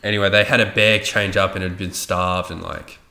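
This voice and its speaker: Low voice guy rambling through a story, swears a lot, echoey room. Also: level tone, brisk, gravelly, sharp tone. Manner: rambling, swears often, loose with facts. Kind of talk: casual storytelling chat.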